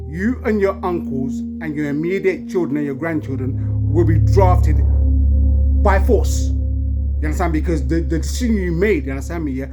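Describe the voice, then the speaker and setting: An emotional man, ranting in an impassioned monologue from his home and constantly asking if you understand. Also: fairly high pitch. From England. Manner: agitated, keeps asking "you understand, yeah?".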